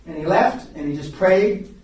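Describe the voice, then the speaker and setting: A man's voice: on the high side, moderate pace, a little mellow. An older man telling stories at a live seminar, blunt and profane, often stopping to restart his sentences. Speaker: seminar speaker. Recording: very echoey room, recorded from far off.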